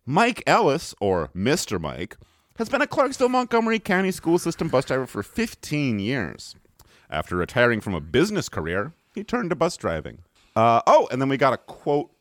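A male podcast co-host reads a news story aloud, breaking in with wry, mock-serious jokes. His pitch leaps all over the place, though it sits at a middle height. The sound is close and dry. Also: huge pitch swings, moderate pace, dry recording. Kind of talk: reading a news story aloud with joking asides.

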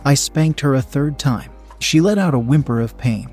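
A man narrating a first-person story in a steady, frank way. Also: mid-range voice, moderate pace, breathy edge, faint music behind.

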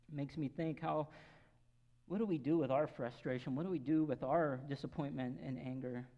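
A male pastor giving an earnest, emphatic sermon, swinging between raised and quiet passages. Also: fairly high pitch, normal speed. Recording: long hall reverb, dull lo-fi sound.

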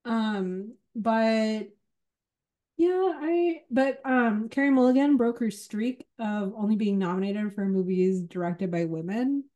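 A woman's voice: a little high, slow pace, dark tone. A woman on a casual film panel, chatty, with joking asides and lots of fillers.

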